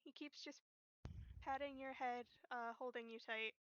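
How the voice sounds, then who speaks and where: Bright, high-voiced woman narrating role-play. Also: steady tone, unhurried, smooth, no echo. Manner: rambling, self-correcting. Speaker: tabletop role-play player. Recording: dull lo-fi, dry.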